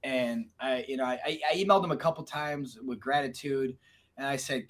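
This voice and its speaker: A man guest on a podcast, telling stories in casual chat, animated, laughing often and swearing freely. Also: medium pitch, a little fast. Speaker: podcast guest, documentary filmmaker.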